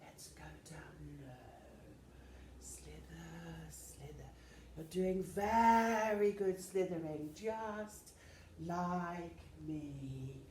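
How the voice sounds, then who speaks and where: A woman voicing a slow, hushed female snake who invites children to slither, with a low breathy drawl. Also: far from the mic, slight background noise. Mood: soft, coaxing. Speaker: children's centre worker. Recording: roomy echo, voice from afar.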